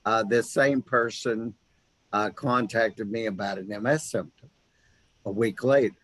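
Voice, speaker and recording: Man, host, lowish voice, dry close sound, casual storytelling, frequent restarts. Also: measured pace, dry recording, poor audio. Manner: animated storyteller, self-interrupting restarts. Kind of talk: casual interview chat.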